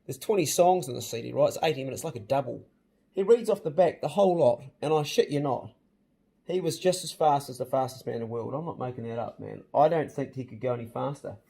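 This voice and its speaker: Talking fast in a gravelly, dark, slightly breathy mid-range voice, the Kiwi channel host keeps things light on his home vlog. He's easygoing and jokey, tossing around matey slang as he chats.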